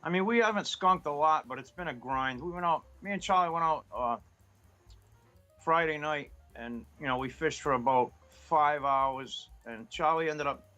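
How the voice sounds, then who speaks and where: A man from Rhode Island, a guest surf fisherman, talking casually in a halting way with many fillers. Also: a little high, pushed and bright, lo-fi sound, faint music behind. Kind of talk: casual livestream chat.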